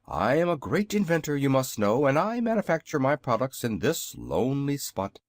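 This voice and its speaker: A man voicing a very old male inventor who is polite, odd and courteous, speaking in a bright, sing-song manner. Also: mid-range voice, wildly swooping pitch, moderate pace, no room sound, clean studio sound.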